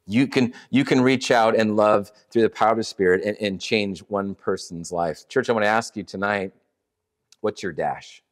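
Speaking at a normal pace in a lowish voice, a middle-aged man addresses a church as a ministry leader. His sermon is earnest and conversational, built around storytelling that he restarts many times.

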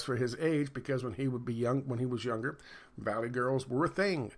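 A middle-aged man ranting in a casual commentary, sarcastic and profane, rambling with lots of fillers. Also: medium pitch. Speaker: video commentator.

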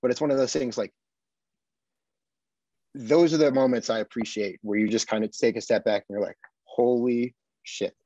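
A man's voice: mid-range voice, fairly quick, pauses often, dry recording. Earnest man telling stories, dull dry sound. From Buffalo, USA. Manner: earnest, animated storytelling with frequent tag questions. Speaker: podcast guest, army veteran. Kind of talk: casual conversation.

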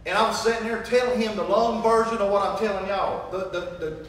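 Man preaching his testimony, high voice, echoey hall, distant mic, faint ambience. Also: a little fast, slight background noise. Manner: animated storytelling, acting out dialogue. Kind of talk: sermon testimony.

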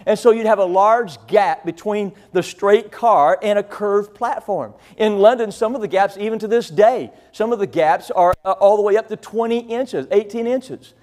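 A middle-aged man raised on an Illinois farm delivers a storytelling sermon. His voice sits high for a man, and he rambles through the anecdote with folksy, self-deprecating humor. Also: moderate pace, hardly any pauses, darkish tone. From rural Illinois, USA. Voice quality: deaf in one ear. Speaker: pastor.

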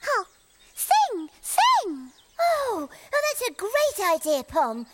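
A woman's voice: extremely high pitch, huge pitch swings, slow pace, very noisy, heavily acted. A woman voicing a friendly, chirpy little creature with a sing-song manner in a children's show. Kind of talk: children's TV character acting.

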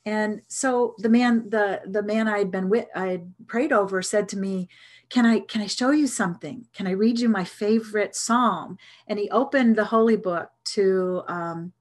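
A middle-aged woman tells a personal story at a mid pitch. She speaks earnestly and reflectively. She often stops and restarts her sentences. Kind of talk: storytelling talk.

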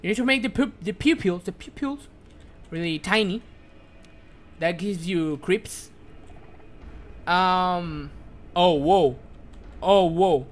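A man's voice: on the high side, lively intonation, normal speed, pauses often, a bit bright, a little hiss or hum. Jumpy native-Spanish man streaming a game. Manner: jumpy, yelps and curses when startled; broken, non-native English. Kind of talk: live game-stream commentary.

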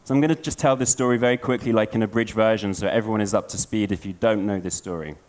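A man giving a storytelling conference talk, an animated storyteller. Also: lowish voice, fast talker. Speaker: conference speaker.

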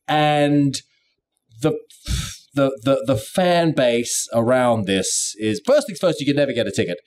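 A man's voice: animated, a little slow, a little mellow. A man co-hosting a podcast in a playful, jokey, casual chat. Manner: playful, jokey, swings pitch a lot. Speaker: podcast co-host.

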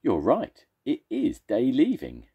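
An older man voicing a cheeky, squabbling male monster in a children's storybook, shouting taunts and names. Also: deep voice, huge pitch swings, slow pace, breathy edge, narrow, tinny audio, exaggerated voice. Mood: amazed, cheerful. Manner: shouting taunts, name-calling.

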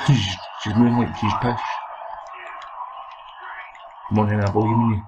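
This muffled recording captures a young Scottish gaming host swearing and roughhousing verbally through let's play commentary on a boxing game. Loud game noise and clicking sit behind his low, flat voice, which moves at a moderate pace.

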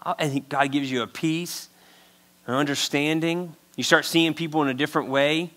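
Male pastor, high bright tenor, conversational preaching with emphatic acted-out asides. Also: fairly even intonation, normal speed. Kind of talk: sermon.

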